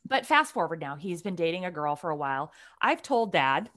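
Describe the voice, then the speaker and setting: Animated, blunt woman telling a story. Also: on the low side, a little fast. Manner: animated, blunt, swears freely, restarts the story. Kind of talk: casual storytelling chat.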